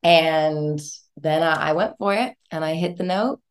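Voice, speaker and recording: Low-voiced chatty woman singer-songwriter. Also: measured pace. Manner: chatty and expressive, laughs often. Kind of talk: casual interview chat.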